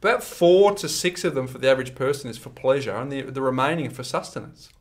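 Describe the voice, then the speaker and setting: A man's voice: medium pitch, lively intonation, quick pace. An Australian man co-hosting a finance podcast, chatting casually with playful teasing and frequent laughter. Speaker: podcast co-host.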